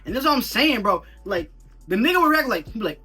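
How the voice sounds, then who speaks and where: A young man reviews a film in a loose, rambling rant thick with slang, sounding animated and incredulous. His voice is bright and forceful. He sits a bit back from the mic, with faint music underneath. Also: very high-pitched, fast talker, breathy edge, recorded from a distance. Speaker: movie reviewer. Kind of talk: casual movie review rant.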